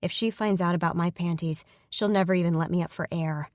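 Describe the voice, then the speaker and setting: A woman narrating a first-person fantasy romance audiobook in a steady, even storytelling manner on a close mic. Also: on the low side, a little fast, no room sound.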